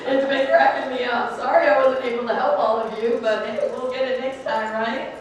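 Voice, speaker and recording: A woman's voice: high-pitched, steady tone, normal speed. Upbeat woman hyping a hall crowd. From Atlanta, Georgia. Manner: upbeat, playful, leads crowd call-and-response. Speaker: guest speaker. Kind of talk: energetic motivational speech. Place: large convention hall. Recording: echoey hall from far off, noisy crowd.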